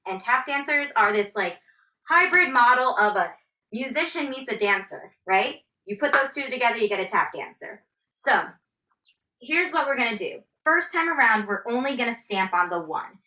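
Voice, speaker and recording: A woman's voice: a little high, pushed and bright, far from the mic. A woman in her thirties teaching a tap dance class, upbeat and counting out steps as she goes. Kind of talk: live online dance class instruction.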